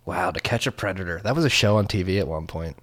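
A man's voice: low voice, fast talker, a bit bright. A man co-hosting a podcast in casual, joking chat, rambling with frequent ums. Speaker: podcast co-host.

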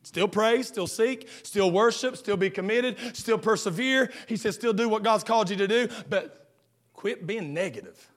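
A male pastor preaching a sermon, swinging from fervent shouting to hushed lines, often repeating words as he restarts. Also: high voice, normal speed.

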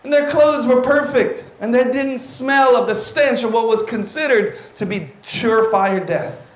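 A man, preaching a lively, exclaiming sermon to his church. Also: extremely high pitch, unhurried. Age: 40s. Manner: animated, exclaiming, drops in Tagalog words. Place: church hall. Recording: roomy church hall.

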